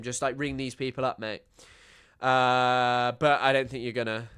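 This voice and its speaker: Guy on a reaction stream, sarcastic ranty, smooth clear voice. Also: medium pitch, moderate pace, a bit bright. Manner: sarcastic, ranting. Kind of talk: livestream reaction commentary.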